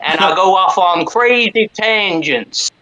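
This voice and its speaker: A man's voice: high-pitched, animated, takes it slowly, pushed and bright, full character voice, poor audio. An English man putting on a crude, rambling southern American character with a drawling twang. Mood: mocking.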